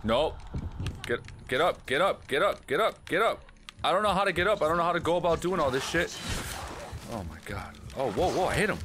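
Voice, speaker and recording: A man hosting a gaming channel talks through a video game with a high, swooping voice. He swears freely and exclaims at everything on screen. Steady noise sits under his voice in the home recording. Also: fairly quick. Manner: profane, flustered, exclaiming at the game. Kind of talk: live gameplay commentary.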